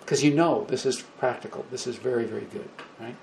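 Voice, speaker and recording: A man giving an informal spiritual lecture to a small group, speaking gently and repeating words, growing animated when he acts out examples. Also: mid-range voice, fairly quick, slight background noise, rough recording. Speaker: spiritual teacher.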